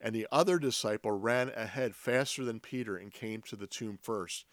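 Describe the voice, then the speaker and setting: A man preaching a sermon as a pastor, reading scripture aloud and explaining it earnestly, slowing down and dropping his voice on key phrases. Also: on the low side, dry recording, studio quality.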